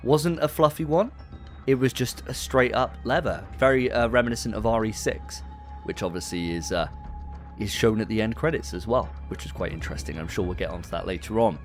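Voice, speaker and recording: Man, podcast co-host, lively retelling, swears a lot, faint music behind. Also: fairly low pitch, a little fast. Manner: animated storyteller, sweary, acts out scenes. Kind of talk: casual film review discussion.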